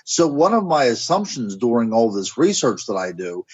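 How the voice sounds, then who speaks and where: Radio guest, American man, husky, speculative and halting, dull lo-fi sound. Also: medium pitch, sing-song, no echo. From United States. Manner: musing, speculative, searches for words. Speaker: guest author and paranormal researcher. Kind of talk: radio interview answers.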